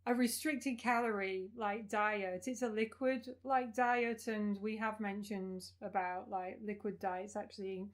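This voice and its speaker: A woman co-hosting a fitness podcast, talking in a chatty way full of "like" fillers and quick asides. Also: mid-range voice, steady tone. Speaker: podcast co-host, fitness coach. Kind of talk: casual chat.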